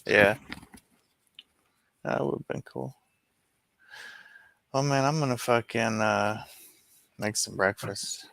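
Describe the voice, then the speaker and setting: A man's voice: medium pitch, takes it slowly, creaky, long pauses, fairly bright tone, dry recording. A young man in casual chat, telling long profane stories in a rambling way.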